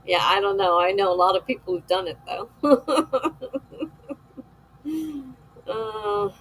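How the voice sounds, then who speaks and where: A woman's voice: medium pitch, takes it slowly, a bit bright, poor audio. A woman hosting a writer's live stream, chatting candidly and gossipily, laughing often. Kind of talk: casual live-stream chat reading viewer comments.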